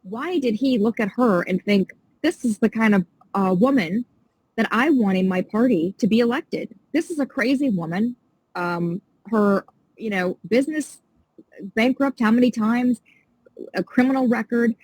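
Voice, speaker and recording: A woman's voice: a little high, normal speed, darkish tone, breathy edge, no room sound, low-quality recording. A woman guest on a podcast, talking in a passionate, indignant and emphatic way in a casual interview.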